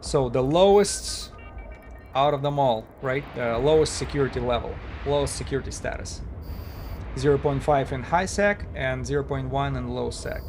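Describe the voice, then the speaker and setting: A man casually talking while he streams a game, halting and chatty, with many fillers and restarts. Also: medium pitch, darkish tone, slight background noise. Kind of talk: casual live-stream commentary.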